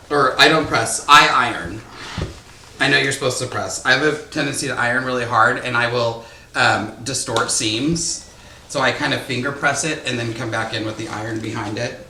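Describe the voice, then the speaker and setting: A man teaches quilting in a relaxed, rambling way, thinking aloud and poking fun at himself as he trims fabric. His voice sounds bright and forward. The sewing room is echoey, with a faint hiss underneath. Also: medium pitch. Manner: chatty, self-deprecating, thinking aloud with fillers. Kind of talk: casual sewing tutorial. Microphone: microphone close to his face.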